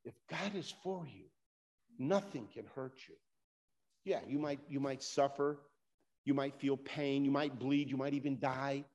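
A man's voice: medium pitch, a little slow, gravelly, a little mellow, dull audio. A man preaching a sermon, talking straight to his congregation with rising and falling emphasis. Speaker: pastor.

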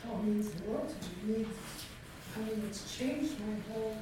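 A woman in a Bible study group giving soft, hesitant answers. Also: medium pitch, animated, normal speed, background noise. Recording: echoey, distant from the mic.

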